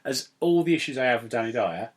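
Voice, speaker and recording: A man's voice: medium pitch, lively intonation, fast talker. A young man from England hosting a podcast in casual, rambling, jokey chat that keeps wandering into digressions. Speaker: podcast host.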